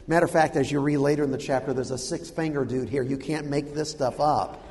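Preacher guy, kinda high voice, animated funny storytelling, long hall reverb. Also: slight background noise. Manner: animated, humorous, dramatic pauses. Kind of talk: sermon storytelling.

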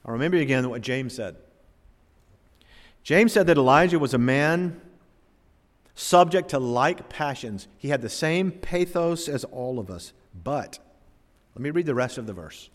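A man preaching a sermon in a church, swinging between loud emphasis and quiet drops. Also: medium pitch, animated, normal speed. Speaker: pastor. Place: church sanctuary. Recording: long church hall reverb.

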